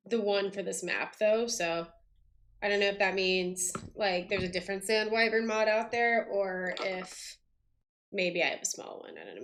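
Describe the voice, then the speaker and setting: A woman's voice: medium pitch, fairly bright tone, slight background noise. Chatty woman streaming a game. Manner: chatty, thinks aloud with fillers. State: hiccups. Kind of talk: casual gameplay commentary.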